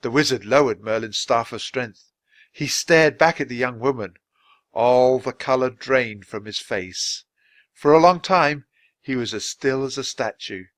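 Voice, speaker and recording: Man reading a storybook aloud slowly. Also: mid-range voice, a bit bright, no room sound. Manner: slow, deliberate reading. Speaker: storybook reader. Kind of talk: slow read-aloud for English learners.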